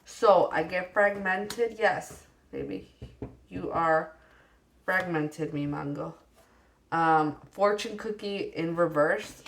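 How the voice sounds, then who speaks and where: Playful low-voiced woman reading tarot. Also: slow pace, a little hiss or hum. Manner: playful and affectionate, teasingly scolding the cards; reads card texts aloud, then riffs on them. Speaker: tarot reader. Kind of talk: casual pick-a-card tarot reading.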